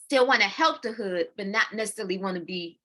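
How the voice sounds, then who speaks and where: A woman in her forties co-hosting a casual chat, animated, laughing often and repeating herself as she talks. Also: medium pitch, fast. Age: 40s. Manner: slips into quoting her own inner voice. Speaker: co-host.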